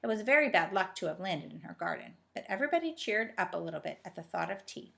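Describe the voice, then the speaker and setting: A woman's voice: on the low side, big pitch swings, quick pace, vocal fry, a bit bright. Woman reading a children's storybook. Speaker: reader.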